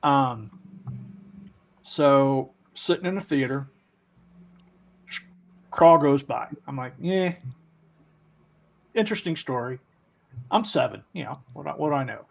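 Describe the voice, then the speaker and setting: A man in his fifties in a casual chat, reminiscing in a halting way. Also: medium pitch, gravelly, rough recording.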